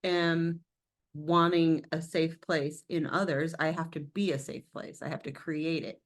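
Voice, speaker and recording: A middle-aged woman co-hosting a casual talk show, lively and teasing, laughing easily. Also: low-pitched, a little slow. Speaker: co-host. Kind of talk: casual chat.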